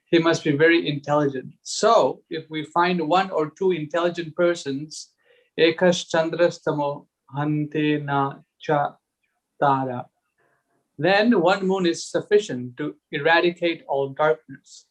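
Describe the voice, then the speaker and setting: A man's voice: a little high, measured pace. Man reading scripture texts aloud. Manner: reads transcripts aloud, chuckles often. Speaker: discussion group leader. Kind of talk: reading aloud and group discussion.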